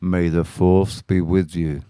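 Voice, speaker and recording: Bloke, lowish voice, sweary and laid back, dry mic. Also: male voice, flat delivery, takes it slowly, mellow, clear, resonant tone, dry recording. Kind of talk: casual chat.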